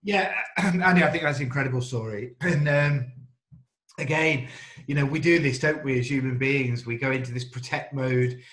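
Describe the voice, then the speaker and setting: A man at a middle pitch joins the panel from an echoey room. He speaks in a reflective, thoughtful way. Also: moderate pace, fairly bright tone. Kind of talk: panel discussion on a video call.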